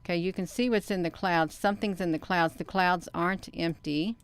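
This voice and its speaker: A woman with a low, very smooth and resonant voice talks casually to her viewers about her footage. She rambles and stops herself often, full of fillers and restarts. The sound is dry and close, with no room around it. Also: fairly even intonation, fairly quick, dry recording. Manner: talks straight to viewers as "you all". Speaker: vlogger. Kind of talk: casual commentary while showing her own sky footage.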